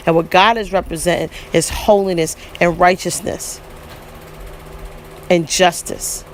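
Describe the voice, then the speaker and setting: A woman's voice: mid-range voice, fairly even intonation, moderate pace, slight background noise. A woman in her forties giving preachy vlog commentary, emphatic and repetitive, often breaking in with "listen" and "you know what I mean". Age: 40s. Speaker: vlogger.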